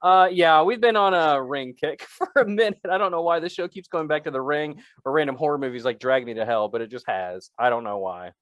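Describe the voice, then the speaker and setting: A man's voice: a little fast, hardly any pauses, a bit bright, no echo. Rambling jokey man on a dry mic. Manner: rambling, jokey, shifts pitch a lot. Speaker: podcast co-host. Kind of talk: improvised comedy podcast banter.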